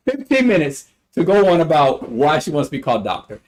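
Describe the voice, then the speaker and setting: A young man telling a story to his live chat, animated and quick to curse. His voice sits a touch higher than most men's. He laughs easily as he goes. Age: young adult. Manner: animated, swears freely, laughs often. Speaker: live streamer.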